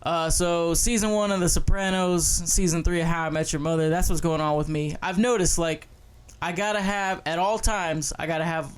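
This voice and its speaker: A man's voice: fairly high pitch, steady tone, normal speed, smooth. A young man co-hosting a podcast in casual chat, loose and profane, rambling with restarts. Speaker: podcast co-host.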